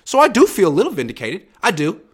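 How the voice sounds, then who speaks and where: A man co-hosting a podcast in casual sports chat, emphatic and animated, often restarting his sentences. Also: high voice, quick pace, husky. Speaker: podcast co-host.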